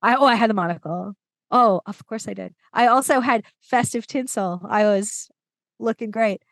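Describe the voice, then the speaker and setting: Dry-voiced, animated woman storytelling coach. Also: a little high, no room sound. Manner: animated, enthusiastic, quick asides. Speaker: storytelling coach, podcast guest. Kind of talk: casual conversation.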